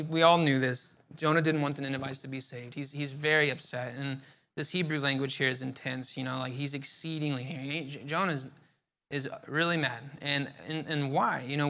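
A man's voice: medium pitch, bright, forceful tone. A young man teaching a Bible passage in a loose, conversational way, full of fillers and restarts. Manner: conversational, many fillers and repeated words.

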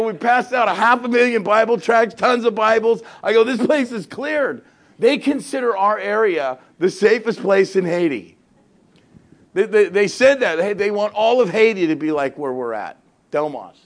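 High-voiced animated pastor telling stories. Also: male voice, moderate pace. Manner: animated, acts out both sides of conversations, laughs often. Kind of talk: storytelling sermon.

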